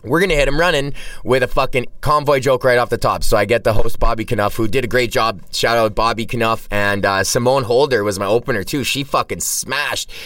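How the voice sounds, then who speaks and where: A stand-up comedian hosting his own solo podcast rambles casually, swearing heavily and constantly restarting his sentences. His voice is medium-pitched, a bit bright, and a little fast. A cheap mic set back from him gives the sound a distant, dry quality.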